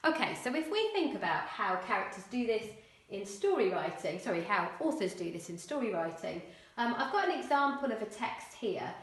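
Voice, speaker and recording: A woman primary school teacher explaining a writing lesson clearly, with occasional fillers. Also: mid-range voice, sing-song, normal speed, echoey room.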